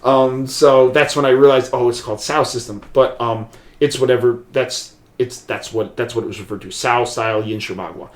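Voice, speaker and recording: A man speaks at an ordinary mid pitch, telling a long personal story in a loose, rambling way. He keeps restarting sentences and filling gaps with "like" and "um". The room rings with a noticeable echo. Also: steady tone, normal speed. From USA. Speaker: podcast guest, martial arts practitioner. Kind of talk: casual storytelling conversation. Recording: roomy echo.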